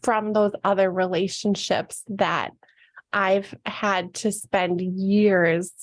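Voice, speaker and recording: A woman's voice: mid-range voice, steady tone, slow, no echo. A woman in her thirties, a podcast guest, telling a personal caregiving story in casual chat, emotional and laughing through tears.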